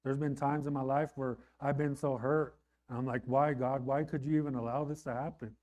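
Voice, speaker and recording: A man's voice: mid-range voice, little pitch movement, a little fast, hardly any pauses, darkish tone, muffled recording. A man preaching a sermon in an earnest, conversational way, often checking in with his listeners. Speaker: pastor.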